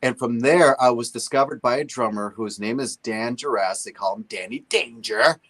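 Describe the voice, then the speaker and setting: A guest musician on a talk show tells stories casually, animatedly acting out other people's voices. He speaks in a mid-range voice at a moderate pace.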